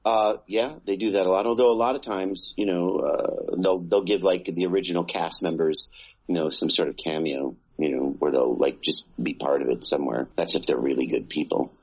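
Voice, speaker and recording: Man, extremely deep voice, husky gravelly tone, rambling interview talk, muffled audio. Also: steady tone, moderate pace. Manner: rambling, many fillers and restarts. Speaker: actor guest. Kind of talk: casual interview chat.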